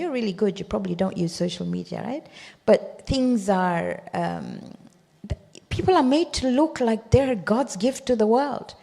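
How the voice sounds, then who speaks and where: An older woman leads a scripture lesson, her fairly high voice carrying a gravelly edge and a mellow, dark tone. She talks in a chatty, wandering way, rattling off recited verses quickly before explaining them. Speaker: Quran teacher. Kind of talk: teaching a class on scripture.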